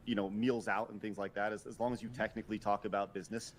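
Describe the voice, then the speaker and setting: A man's voice: fairly low pitch, flat delivery, fast. A man questioning a guest in an interview, hesitating and restarting with many fillers.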